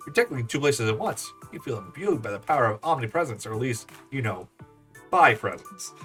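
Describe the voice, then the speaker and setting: A man's voice: medium pitch, sing-song, a little fast, fairly bright tone. A man streaming a dating game, reading the text aloud with laughing, swearing asides. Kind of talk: game let's-play reading and voicing. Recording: distant mic with faint game music.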